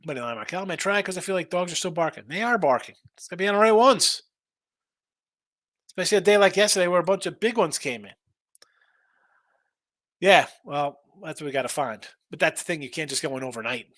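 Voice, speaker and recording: A man hosting a live betting show in a loose, rambling way, with plenty of restarts and repeated words as he reads viewers' messages aloud. His voice sits a little high for a man and sounds close and dry, with almost no room sound. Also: brisk, long pauses, fairly bright tone, no room sound. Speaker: sports betting show host. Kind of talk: casual live-stream betting talk.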